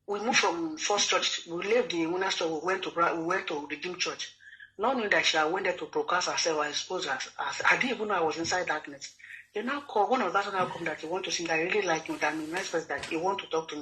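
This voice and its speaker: A man's voice: fairly high pitch, fast, sharp tone, low-quality recording. A man from Nigeria with a Nigerian accent, telling his personal story in a repetitive, pleading way full of quoted speech. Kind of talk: emotional personal testimony.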